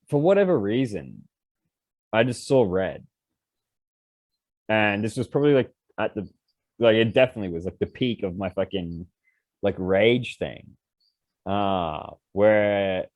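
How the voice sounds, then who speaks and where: A man's voice: lowish voice, dry recording, lo-fi sound. A man, a podcast guest, telling casual stories full of swearing and filler words. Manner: swears freely, heavy filler words, animated. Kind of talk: casual storytelling.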